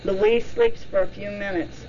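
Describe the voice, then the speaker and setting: A woman giving a measured, plain reading of a documentary narration. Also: mid-range voice, huge pitch swings, vocal fry, mellow. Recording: dull lo-fi with faint hiss.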